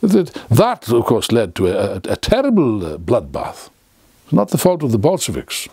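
A man's voice: medium pitch, huge pitch swings, normal speed, creaky, mellow, breathy edge, dry recording. An older man giving an impassioned, unscripted lecture to camera, full of sarcastic asides and restarts, close on the mic. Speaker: political speaker.

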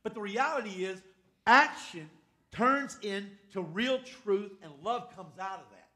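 An older preacher with a notably high voice for a man. He preaches emphatically and keeps calling on the congregation to say amen. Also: unhurried, sharp tone. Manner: emphatic, calls for amens from the congregation. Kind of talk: sermon.

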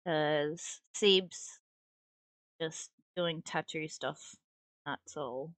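A woman's voice: deep voice, very slow, fairly bright tone, no room sound. A young woman streamer chatting casually and playfully while building tiny block figures, talking to herself as she works.

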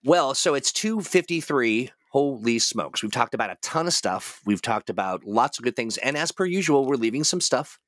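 A man's voice: medium pitch, expressive, normal speed, hardly any pauses, fairly bright tone, dry recording, studio quality. A man hosting a casual livestream chat, laughing often and rambling through stories. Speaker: host.

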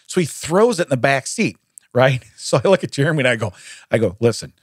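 A man's voice: mid-range voice, fairly quick, breathy edge, no room sound, clean studio sound. A man co-hosting a podcast, telling a story in casual chat, laughing often and acting out what people said. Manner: animated, laughing often, acts out quoted voices. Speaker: podcast co-host. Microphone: studio microphone.

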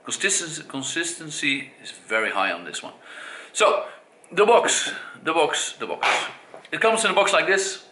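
Dutch guy chatting through a review, lots of ums and restarts, really bright sharp voice. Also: fairly high pitch, very animated, normal speed, slight background noise. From Netherlands. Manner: hesitant, many fillers and self-corrections. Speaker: cigar reviewer. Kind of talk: casual spoken review. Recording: echoey room.

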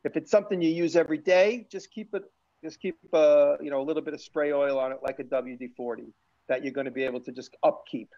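A man's voice: fairly high pitch, steady tone, fast talker, dark tone. A man hosting a casual live-stream chat, rambling with frequent restarts and fillers. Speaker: show host and maker. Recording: lo-fi stream audio.

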